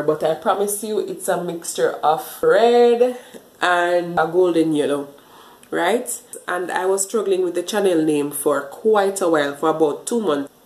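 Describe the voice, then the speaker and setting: A woman vlogs her hair wash routine, chatting casually to the camera as she explains each step while washing, a bit out of breath. Her voice is on the low side and a little mellow, recorded at low quality in an echoey room.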